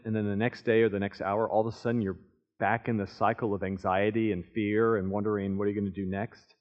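A man teaching from the Bible in a sermon style, earnest and emphatic, voicing the psalmist's pleas in first person. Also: lowish voice. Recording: muffled lo-fi recording.

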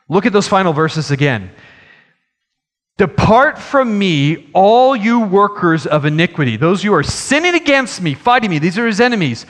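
A man preaching a sermon in an earnest way, slowing and rising in emphasis on key phrases. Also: sits high, a bit bright. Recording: long hall reverb.

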